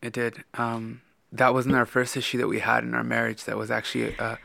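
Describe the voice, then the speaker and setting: A man co-hosting a podcast with his wife, reserved and soft-spoken in a candid talk. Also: medium pitch, little pitch movement, a little fast, creaky, no echo. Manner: reserved, soft-spoken, brief agreeing replies. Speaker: podcast co-host, husband. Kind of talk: candid personal conversation.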